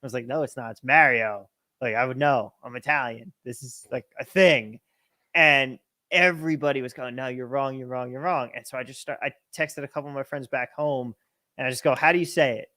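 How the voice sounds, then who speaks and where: A man from New Jersey with a New Jersey accent, co-hosting a casual livestream and telling stories in a joking, animated way. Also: mid-range voice, a little fast. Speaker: co-host.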